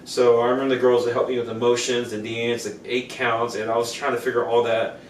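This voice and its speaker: A man co-hosting a podcast, telling stories in a casual, animated way and acting out the voices of the people in them. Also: mid-range voice, brisk. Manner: animated, acts out quoted voices. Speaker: podcast co-host. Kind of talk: casual storytelling chat. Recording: echoey room, distant mic, faint noise.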